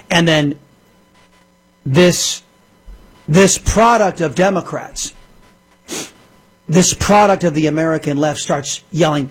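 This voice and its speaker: A man's voice: on the high side, takes it slowly, long pauses, breathy edge. A man hosting a talk radio show, delivering an emphatic, indignant political monologue with lots of repetition into a studio microphone.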